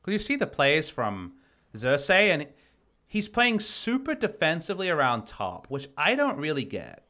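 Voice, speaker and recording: A man's voice: fairly high pitch, wildly swooping pitch, a little slow, sharp tone. A man breaking down a recorded match as an esports analyst, explaining plays in detail. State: losing his voice. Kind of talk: game review commentary.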